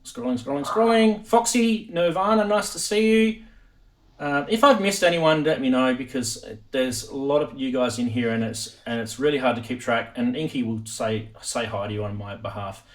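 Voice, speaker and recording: A man hosting a live stream, chatting casually, animated and laughing often. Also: mid-range voice, normal speed.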